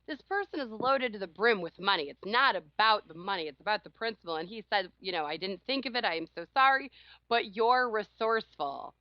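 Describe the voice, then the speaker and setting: Woman telling a lively story, dull audio. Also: mid-range voice, a little fast, clean tone, dry recording. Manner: animated, quotes others in changed voices, laughs often. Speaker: podcast co-host. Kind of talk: casual storytelling.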